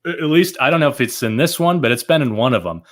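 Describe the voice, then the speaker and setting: Male quiz contestant, mid-pitched and easygoing, casual podcast talk. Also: lively intonation, fast. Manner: easygoing, hesitant when unsure. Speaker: trivia contestant.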